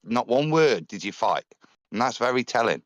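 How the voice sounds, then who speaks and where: A man's voice: medium pitch, big pitch swings, normal speed, no echo. A man on a live panel, making his case earnestly and often restarting his sentences.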